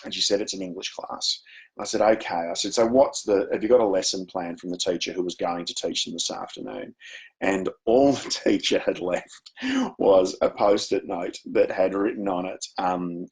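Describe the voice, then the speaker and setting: Low-voiced man telling a story. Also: fairly even intonation, moderate pace, poor audio. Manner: chatty anecdotal storytelling with many fillers. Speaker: education presenter. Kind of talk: webinar storytelling.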